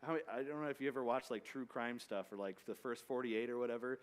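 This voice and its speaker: A man's voice: medium pitch, fast talker, clean tone. A man leading a Bible study, teaching in a loose, conversational way with asides and restarts. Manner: casual, rambling with restarts and asides.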